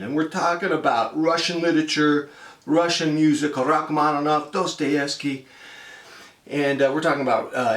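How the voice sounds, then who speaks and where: A man's voice: mid-range voice, echoey room, far from the mic. A man in his fifties from the United States telling a travel story in a chatty vlog, acting out the people he quotes. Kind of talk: casual spoken storytelling.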